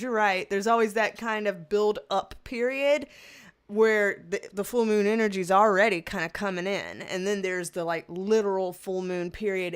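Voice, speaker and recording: A woman in her thirties hosts a casual tarot livestream, reading comments and chatting with exasperated humor and lots of laughter. Her mid-range voice is smooth.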